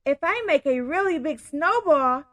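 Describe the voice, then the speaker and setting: A woman's voice: high-pitched, normal speed, dry recording, pitched above the performer's own voice. Woman doing a little boy bear cub, eager, raised voice, dry close sound. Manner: excited, cries out. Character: small eager young male bear cub.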